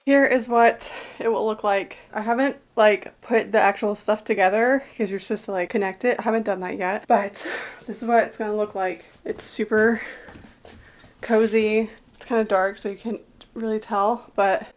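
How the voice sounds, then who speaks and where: A woman's voice: medium pitch, fairly even intonation, normal speed. A young woman in her twenties chatting casually on her reading vlog at home, blunt and full of fillers, with some swearing. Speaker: book vlogger.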